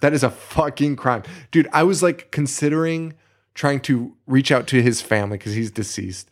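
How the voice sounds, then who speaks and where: A man's voice: mid-range voice, normal speed. A man co-hosting a podcast, talking casually and ranting with a lot of swearing. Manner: profane, ranting, animated. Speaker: podcast co-host. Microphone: studio microphone.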